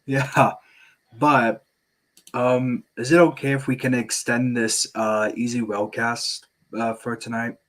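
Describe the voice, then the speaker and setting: A slow-talking man hosts an online show and chats in a hesitant, unhurried way, full of small pauses and fillers. He also reads fan fiction aloud at the same easy pace. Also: medium pitch, flat delivery. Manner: slow, hesitant, lots of ums. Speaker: show host. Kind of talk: casual chat and story reading.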